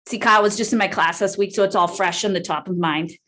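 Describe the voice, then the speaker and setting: A woman's voice: mid-range voice, steady tone, quick pace, a bit bright. A woman leading a live real estate training call, upbeat and peppering the group with "right?" as she talks.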